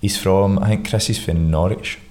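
A Scottish man in his thirties, a footballer answering interview questions in a relaxed, good-humoured way. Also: deep voice, normal speed. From Scotland. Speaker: professional footballer guest.

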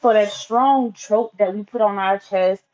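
A woman's voice: medium pitch, a little slow, background noise. A woman casually telling a personal story, chatty and profane, with asides to her listeners. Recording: dull lo-fi recording.

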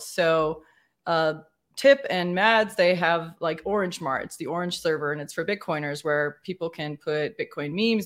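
Woman guest w low voice, chatty, tells stories w lots of likes. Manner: chatty, animated storytelling. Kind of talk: casual panel chat.

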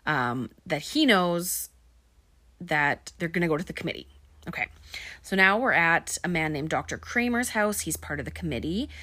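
A woman with a low voice talks through a film plot in a loose, chatty way, filling pauses with ums and likes. The sound is dry and close, with no room echo. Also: a bit bright. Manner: casual, with many ums and likes. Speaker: film recap narrator. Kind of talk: casual spoken film recap.

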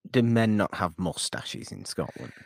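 A man with a very deep voice hosting a casual film podcast, his pitch swinging animatedly as he talks. He is wry and teasing, recorded dry and close to the mic. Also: big pitch swings, measured pace, vocal fry, no echo. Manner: wry, mock-posh teasing, talkative.

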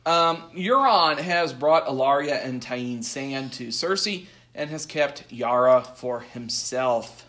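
A man co-hosting a podcast, recapping an episode from his notes in a halting way with many fillers. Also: mid-range voice, animated, a bit bright. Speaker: podcast co-host.

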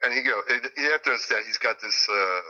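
A man's voice: mid-range voice, fast, pushed and bright, dull audio. A man being interviewed as a music producer and guitarist, telling stories in a rambling way with many fillers and restarts. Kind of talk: casual interview chat.

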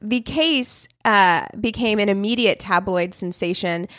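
A woman's voice: mid-range voice, a little slow, a bit bright, no room sound, studio quality. A woman co-hosting a podcast, telling a true crime story in casual chat, laughing often and swearing, and slipping into mocking voices.

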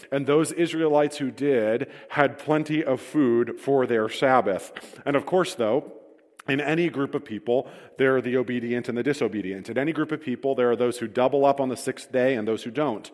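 Male pastor, vivid storytelling sermon, wry humor, mid-pitched voice, long hall echo. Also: moderate pace, a little mellow. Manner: storytelling, self-deprecating humor, reads scripture aloud.

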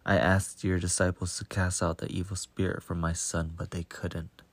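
A man's voice: low voice, level tone, normal speed. A man reading as an anxious pleading father. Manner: pleading, distressed.

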